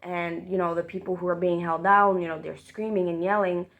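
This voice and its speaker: Gravelly woman telling a dream story. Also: lowish voice, flat delivery, brisk, narrow, tinny audio. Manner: casual, swears freely, many fillers. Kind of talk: casual storytime retelling a dream.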